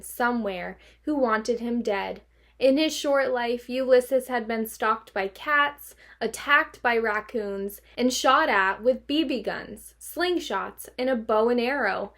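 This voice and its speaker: A woman teacher reading a children's novel aloud to her class, expressive and lively. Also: a little high, measured pace.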